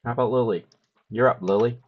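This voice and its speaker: Wry, husky-voiced male streamer. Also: medium pitch, fast, lo-fi sound. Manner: wry, teasing commentary. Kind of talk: casual live-stream chat.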